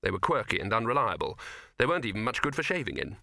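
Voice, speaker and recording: A man's voice: fairly low pitch, very animated, fast, gravelly, bright, forceful tone, no room sound. A man narrating a comic fantasy audiobook, shifting his voice for each character.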